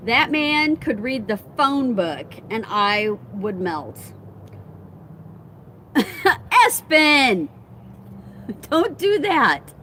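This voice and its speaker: Woman live-streaming from her phone outdoors, slow chatty delivery, higher voice, faint outdoor sounds behind her. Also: sing-song, pushed and bright, a little hiss or hum. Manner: chatty, laughs often, reads and answers comments. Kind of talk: casual live chat with viewers. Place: outdoors at home, wind and chimes around.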